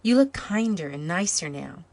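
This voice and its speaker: A woman's voice: fairly low pitch, lively intonation, moderate pace, darkish tone. A woman reading a storybook, voicing a small eager boy who turns earnest and pleading.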